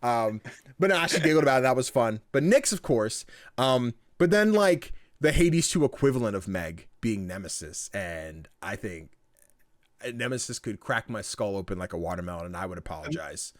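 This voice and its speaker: A man's voice: on the low side, very animated, moderate pace, no room sound, clean studio sound. A young man hosting a casual gaming podcast, joking and swearing freely as he chats. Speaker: podcast host.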